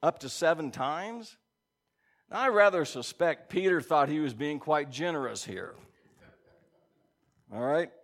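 A man's voice: a little high, lively intonation, measured pace, long pauses. A man preaching a sermon in a conversational way, reading scripture aloud and checking in with his listeners. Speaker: pastor.

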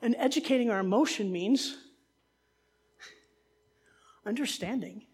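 A woman from New Jersey giving a sermon, telling a family story with jokey asides and animated delivery. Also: a little high, a little slow, breathy edge. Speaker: preacher.

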